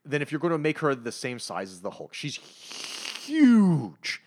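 A middle-aged man co-hosting a podcast, chatting casually in an excitable, emphatic, ranting way. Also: medium pitch, quick pace. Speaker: podcast co-host. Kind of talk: casual chat.

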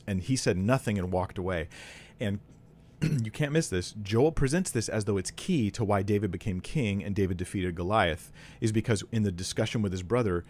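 Man, lower voice, relaxed Bible teacher reading scripture with punchy conversational asides. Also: slight background noise. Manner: reads scripture aloud with casual asides, animated and emphatic; clears throat often. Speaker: Bible teacher critiquing a preacher.

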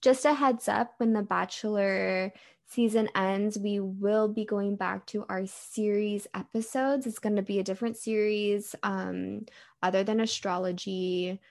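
Gravelly young woman, laid-back co-host. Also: mid-range voice, steady tone, measured pace, a little mellow. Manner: casual, says "dude" and "like" a lot. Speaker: podcast co-host. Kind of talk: casual chat.

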